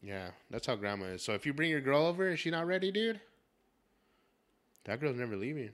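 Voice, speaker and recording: A young man hosts a casual podcast and tells stories with lots of swearing and animation. His voice is bright and his pitch is mid-range. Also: a little fast. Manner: profane, animated storytelling. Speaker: podcast host.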